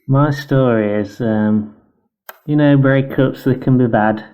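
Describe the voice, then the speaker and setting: A man's voice: medium pitch, smooth, lo-fi sound. A man co-hosting a podcast with dry, offhand humour in casual chat. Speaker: podcast co-host.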